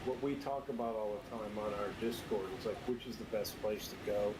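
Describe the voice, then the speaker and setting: A man's voice: lowish voice, steady tone, brisk. A man from the southern United States, chatting casually and telling stories about his hobby. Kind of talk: casual chat. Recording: audible background noise.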